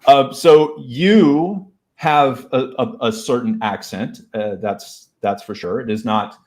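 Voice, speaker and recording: A man hosting a casual interview chat, playful and quick to laugh and joke. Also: mid-range voice, a little mellow. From Savannah, Georgia. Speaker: host.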